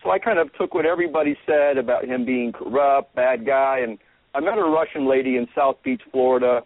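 A man's voice: mid-range voice, no echo. A man delivers a loose, meandering opinion monologue, stumbling over restarts and fillers. His mid-range voice comes through a narrow, tinny line. The sound is dry, with no room around it. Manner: rambling, halting with many fillers and restarts.

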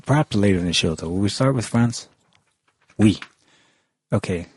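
A man's voice: on the low side, animated, quick pace, husky, no room sound. A man hosting a casual panel discussion, chatty with frequent ums and restarts. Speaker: podcast host.

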